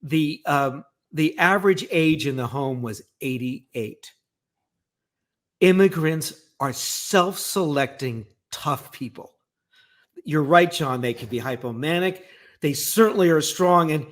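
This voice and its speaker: A professor co-hosting a casual podcast discussion, thoughtful and a bit hesitant, chiming in with short agreements. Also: male voice, fairly high pitch. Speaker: professor and co-host.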